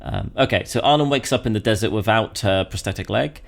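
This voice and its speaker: Rambling British man podcaster, lowish voice. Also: brisk, creaky. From Britain. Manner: animated, rambling, stumbles and restarts often. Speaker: podcast co-host. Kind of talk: casual chat.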